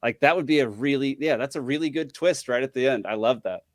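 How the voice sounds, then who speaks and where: A man's voice: mid-range voice, quick pace, no echo. Laid-back man as podcast guest. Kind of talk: casual podcast chat.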